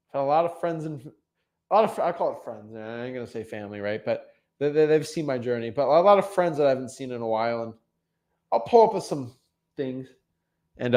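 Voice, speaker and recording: A young man giving casual motivational advice as a real estate coach, animated, often repeating and restarting words. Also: medium pitch. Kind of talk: casual motivational vlog talk.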